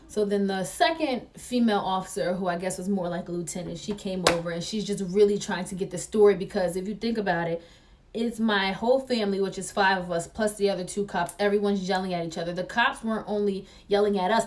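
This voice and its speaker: Casting: young woman vlogger, animated storyteller, mid-pitched voice, set a little back from the mic. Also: a little fast, distant mic. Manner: excitable, acts out quoted voices.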